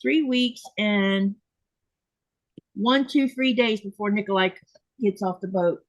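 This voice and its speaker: A woman chatting casually at her home sewing desk as a show host. She rambles along, restarting her sentences and laughing easily. Her voice sits at a middle pitch, and the sound is dry and close. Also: slow pace, no room sound, highs cut off. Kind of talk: casual chat while sewing.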